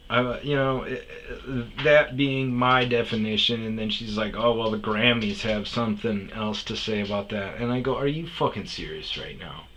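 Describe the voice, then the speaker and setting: Man, podcast host, profane storytelling, bright forceful voice, faint hiss behind. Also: fairly low pitch, low-quality recording. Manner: swears often, restarts sentences, gets heated.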